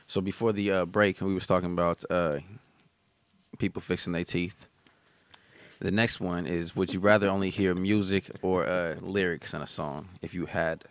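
A man's voice: sits low, steady tone, normal speed, no echo. A man hosting a podcast, asking questions in laid-back casual chat. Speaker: podcast host.

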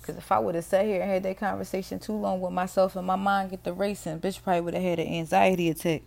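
A middle-aged woman talking alone on her podcast, her voice low and gravelly with a mellow, dark tone. She rambles in a loose, candid way, swears without care and laughs often as she thinks aloud. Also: flat delivery, fast talker. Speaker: podcast host. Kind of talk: casual solo monologue.

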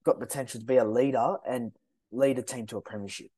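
An Australian man hosting a casual sports podcast, talking in a rambling, animated way with lots of restarts. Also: medium pitch, fast talker. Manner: animated, rambling, mocks rival fans in a put-on voice. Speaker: podcast host.

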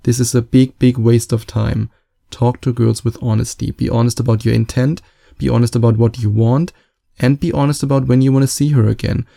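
A man's voice: mid-range voice, flat delivery, a little fast, gravelly, dark tone, no echo, studio quality. A man hosting a solo dating-advice podcast, coaching listeners in an emphatic, repetitive way.

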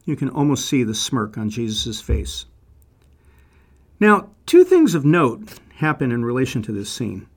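A man's voice: medium pitch, sing-song, moderate pace. A man telling a Bible story sermon-style in a wry, conversational way with dry asides, lifting his voice for quoted lines.

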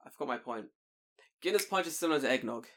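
A young British man in casual podcast chat, telling lively stories with frequent laughter and casual swearing. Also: medium pitch, fast. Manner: animated storytelling, laughs often, swears casually.

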